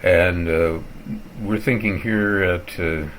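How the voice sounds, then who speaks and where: A tired older man with a fairly low voice talks his way through a digressive, tongue-in-cheek rant, breaking off into theatrical asides as he clicks around on his computer. A faint ambient hiss sits under the recording. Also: steady tone, slow, a bit bright, poor audio. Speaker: vlogger ranting about his internet provider. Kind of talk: rambling screen-recorded rant.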